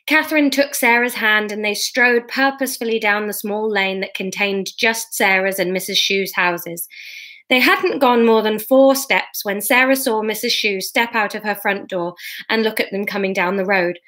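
A woman's voice: medium pitch, normal speed, a bit bright. A woman reading a novel aloud, with chatty, self-mocking asides. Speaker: comedian reading her novel.

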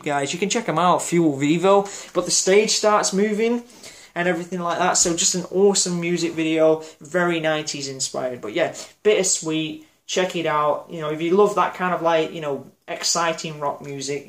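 A man's voice: fairly high pitch, moderate pace. A man giving a casual album review vlog, enthusiastic and rambling, with lots of fillers and restarts. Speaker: music reviewer.

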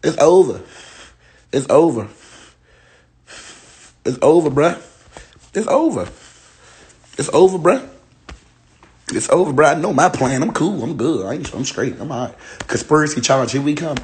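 A young man talks into his phone, ranting in playful mock despair and often breaking into laughter. His voice sits a little high for a man. He repeats the same short lines for comic effect. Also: expressive, normal speed, long pauses, a little mellow. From Ohio. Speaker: internet personality. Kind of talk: joking live-stream rant.

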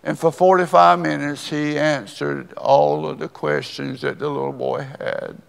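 An older man, a pastor, preaching a sermon and telling a story slowly and deliberately, with pauses. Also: a little high, level tone, creaky, smooth. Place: church sanctuary. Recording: long reverb of a church hall.

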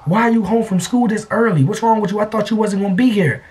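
A man's voice: high voice, fast, a little mellow, voice pushed up, natural voice. A man voicing a suspicious uncle who scolds his niece with questions. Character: suspicious middle-aged uncle.

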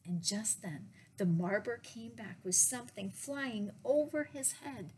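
Woman librarian, storytime read-aloud, slow and gentle, faint hiss behind. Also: on the high side, lively intonation. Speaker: children's librarian. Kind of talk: picture book read-aloud.

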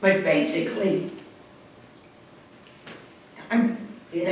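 A man's voice: sits high, normal speed. A man, a neighboring resident, making an upset, pleading public comment at a hearing. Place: town meeting room. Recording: echoey room from far off, faint hiss.

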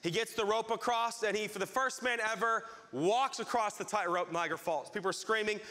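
A man preaching a sermon as pastor, telling a story with lively acted-out crowd voices. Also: sits high, brisk, big-room sound.

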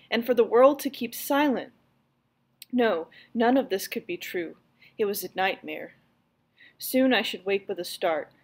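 Woman, teacher, audiobook reading, mid pitch, louder for quoted speech. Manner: reads dialogue louder and higher. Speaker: teacher reading a book aloud.

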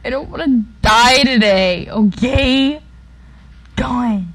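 A woman giving casual, playful commentary while playing a video game. She jumps between loud outbursts and mumbled asides. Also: fairly high pitch, slow pace, poor audio. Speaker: gaming YouTuber. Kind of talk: casual let's-play commentary.

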